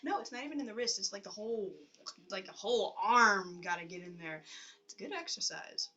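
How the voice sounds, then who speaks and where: A woman telling stories in a casual vlog, rambling and animated, laughing often and filling her speech with fillers. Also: mid-range voice, a little fast, distant mic, lo-fi sound. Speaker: vlogger.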